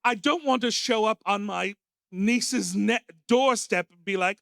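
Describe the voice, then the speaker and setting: A creaky, slightly bright, somewhat slow voice comes from an American man hosting stand-up comedy at a small pub, live audience present. Camp and theatrical, he slides into shrill character voices; there's no echo and the quality is studio-grade.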